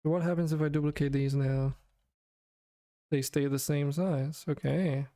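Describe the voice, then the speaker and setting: A worn-out man talks to himself in a flat, monotone way while he pokes at his game's code. His voice is mellow and soft-edged, steady and unhurried. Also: fairly high pitch. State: exhausted. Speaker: game developer streamer. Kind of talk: thinking aloud while coding.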